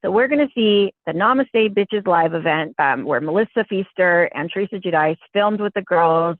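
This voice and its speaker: A woman's voice: lowish voice, no echo. Woman gossiping over a tinny phone line. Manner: animated, acts out quotes, swears freely. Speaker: podcast guest, gossip source. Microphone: telephone.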